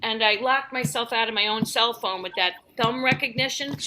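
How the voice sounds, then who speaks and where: A middle-aged woman doing a self-deprecating stand-up set, with quick punchlines and mock-soothing meditation voices. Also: fairly high pitch, heavy background noise. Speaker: stand-up comic. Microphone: video call.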